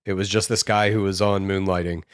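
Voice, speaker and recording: A man's voice: deep voice, fairly quick, smooth, no echo, clean studio sound. A man co-hosting a podcast in casual chat, talking with enthusiasm and swearing freely. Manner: enthusiastic, profane, lively intonation. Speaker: podcast co-host.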